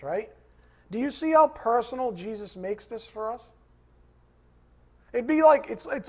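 A man's voice: high-pitched, a little mellow, slightly rough. A man preaching a sermon, repeating scripture references and putting questions to his congregation in an emphatic style. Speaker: pastor.

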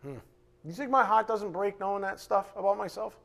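A male pastor preaching an emphatic, fiery sermon in a church, then dropping to a quiet, hushed prayer. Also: high-pitched, fairly quick, vocal fry.

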